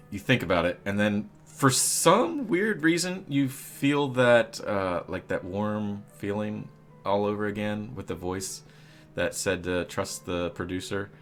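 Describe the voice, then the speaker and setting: A man with a low voice and fairly bright tone runs a tabletop game as game master, speaking slowly and deliberately over faint music. He rambles, filling gaps with ums and likes and throwing in silly, jokey asides.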